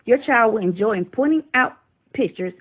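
A woman giving a calm, scripted narration with advice for parents. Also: fairly high pitch, normal speed. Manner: calm, explanatory. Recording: thin phone-like sound.

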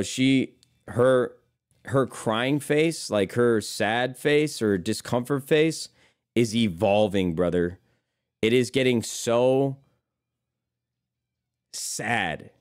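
A young man talking casually to his live-stream chat in a fairly low voice. He rambles, restarts his sentences and swears freely, calling viewers brother as he thanks them.

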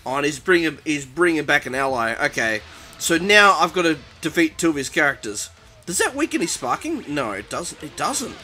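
High-voiced guy narrating his fighting game live, panicky and excitable, lots of yelps. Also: normal speed. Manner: excitable, panicky exclamations and self-mocking. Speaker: gaming commentator. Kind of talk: live gameplay commentary.

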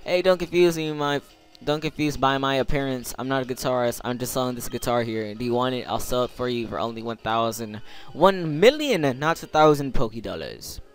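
A man voicing a male guitar seller in a video game, with a wheedling sales pitch. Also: a little fast, smooth, lightly acted. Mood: salesy.

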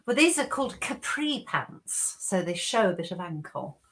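A middle-aged woman chatting on a video call, wry and teasing, quick to laugh. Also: lowish voice, very animated, fairly bright tone, breathy edge. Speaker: regular guest. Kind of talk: casual chat.

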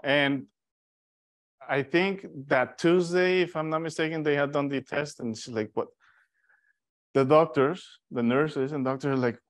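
A man leads a Bible study session in a storytelling sermon style. His voice sits a little higher than most men's, and he slips into the voices of the people in his story. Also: unhurried. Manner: animated storyteller, acts out quoted voices.

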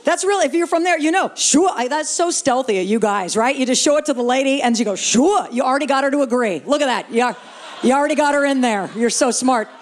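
A woman's voice: high voice, lively intonation, quick pace. A woman doing a stand-up comedy set in a live venue, brash and playful, swearing freely and bantering with the audience on a stage mic. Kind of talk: stand-up set, crowd work.

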